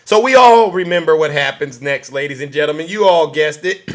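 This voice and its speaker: A man's voice: a little high, expressive, moderate pace. A man giving a mocking, ranting political commentary, often turning to his listeners with a direct address. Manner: mocking, keeps addressing "ladies and gentlemen".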